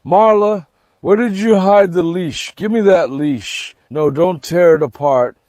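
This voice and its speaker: Excitable high-voiced man scolding dogs. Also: measured pace, no echo, clean studio sound. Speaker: dog owner and channel host. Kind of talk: casual vlog commentary. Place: outdoor garden with dogs.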